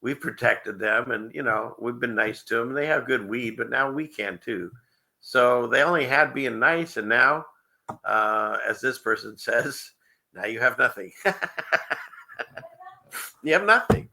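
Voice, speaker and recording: A man hosting a loose livestream show, his voice gravelly with a strikingly bright, forward tone. He rambles from topic to topic at a middling pitch, chuckling often and dropping conspiratorial asides. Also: a little slow. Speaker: show host. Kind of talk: casual livestream commentary.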